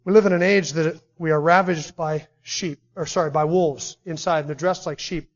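A man preaching a sermon with impassioned delivery, swinging between loud declarations and quiet intensity. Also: fairly high pitch, steady tone, normal speed. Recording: dull lo-fi recording.

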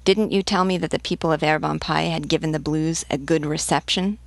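Curt ruthless old-regime general in an audiobook, read by a woman, low and gravelly. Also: steady tone, fairly quick, no room sound. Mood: coldly commanding. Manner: curt clipped commands. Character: cold ruthless aristocratic male Royalist general.

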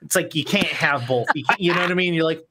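Halting game master narrating a tabletop game. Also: mid-range voice, over a noisy crowd. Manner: halting, restarts often.

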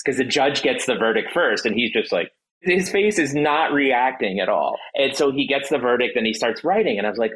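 A man, a trial attorney, talking casually as a podcast guest in an emotional, halting way, full of restarts and fillers. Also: mid-range voice, a bit bright, rough recording. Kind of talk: casual interview talk.

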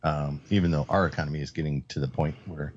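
A man's voice: a bass voice, steady tone, fast talker. A man co-hosting a casual round-table talk, explaining economic news with many ums and uhs. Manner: explains economics with hesitant fillers. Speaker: co-host. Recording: dull lo-fi sound.

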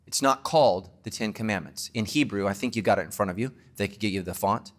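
Man preaching a sermon, low voice. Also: fast. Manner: emphatic preaching, dropping to a hushed voice in prayer. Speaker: pastor.

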